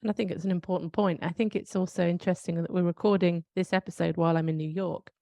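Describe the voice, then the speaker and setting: A woman's voice: lowish voice, steady tone, fast, creaky, mellow, dry recording. A British woman co-hosting a podcast, chatting casually and telling stories that she keeps questioning aloud. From United Kingdom. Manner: reflective, storytelling with self-questioning asides. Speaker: podcast co-host. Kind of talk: casual conversational chat.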